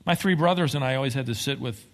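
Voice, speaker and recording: A man preaching a sermon as pastor, telling stories with emphatic, animated delivery. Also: mid-range voice, fast talker, big-room sound. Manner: animated storytelling, emphatic swings.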